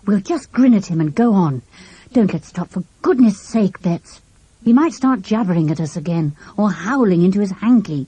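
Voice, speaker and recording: Woman doing a fed-up schoolboy, emphatic, lively, storybook. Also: medium pitch, normal speed, husky, no echo. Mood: annoyed. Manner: emphatic, exasperated. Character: impatient, outspoken schoolboy.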